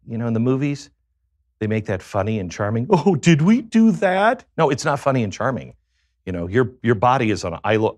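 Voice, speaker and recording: A man's voice: sits low, dry recording, studio quality. A man, a guest on a talk show, tells a personal story in a reflective way that halts on many fillers.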